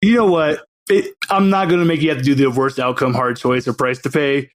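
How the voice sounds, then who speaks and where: A man running a tabletop game as game master, animated and laughing often. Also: medium pitch, brisk.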